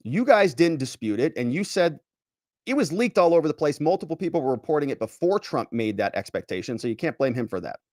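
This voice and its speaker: Man, legal commentary host, lively swinging pitch, sarcastic, dry close sound. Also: fairly quick, no echo. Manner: animated and sarcastic, mocks quoted officials in pompous voices. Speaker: lawyer commentator, show host. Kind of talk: solo legal commentary, reading a letter aloud.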